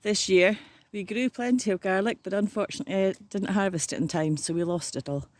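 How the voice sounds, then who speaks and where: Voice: medium pitch, brisk, dry recording. An older vlogger chatting casually in a matter-of-fact way while working outdoors in a garden. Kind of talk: casual chat.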